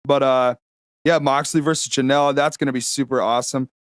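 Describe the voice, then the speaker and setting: A man's voice: medium pitch, fairly even intonation, a little fast, no room sound, clean studio sound. A man co-hosting a podcast, talking casually and rambling with plenty of fillers. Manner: rambling, many fillers, swears freely. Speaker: podcast co-host. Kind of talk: casual chat.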